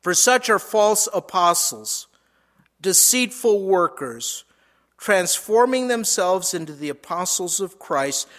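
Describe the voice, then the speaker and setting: A man's voice: high-pitched, sing-song, slow, fairly bright tone. A man preaching a sermon, reading scripture verses aloud and explaining them, with frequent small repetitions. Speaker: pastor.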